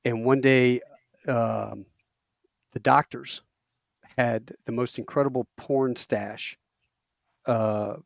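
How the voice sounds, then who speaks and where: A man's voice: mid-range voice, fairly even intonation, takes it slowly, gravelly, pauses often, dry recording, studio quality. A man co-hosting a podcast, telling stories in an easygoing, casual way. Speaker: podcast co-host. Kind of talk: casual storytelling chat.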